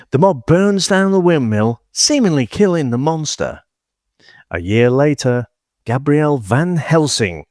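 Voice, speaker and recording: A man's voice: medium pitch, dry recording, studio quality. Man reading a film plot summary. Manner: reads the plot summary in a steady, even flow. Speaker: podcast host. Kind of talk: plot summary and casual chat.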